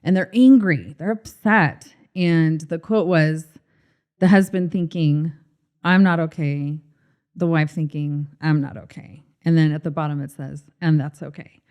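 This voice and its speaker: A woman co-hosting a marriage coaching podcast, telling stories in an expressive, animated way. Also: low voice, measured pace. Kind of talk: casual podcast conversation.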